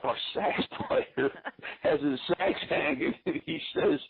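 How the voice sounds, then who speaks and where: A man from Philadelphia, a guest musician telling stories in a casual, animated way with frequent laughs, over a tinny phone-line radio call. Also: a little high, slow, gravelly, breathy edge. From Philadelphia, USA. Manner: chatty, animated, laughs often. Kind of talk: casual interview storytelling.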